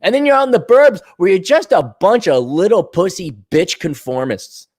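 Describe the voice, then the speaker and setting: A man's voice: high voice, animated, moderate pace, darkish tone, breathy edge. A middle-aged man from Minnesota hosting a podcast, ranting casually, swearing and mocking with sarcastic impressions. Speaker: podcast host. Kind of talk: casual monologue.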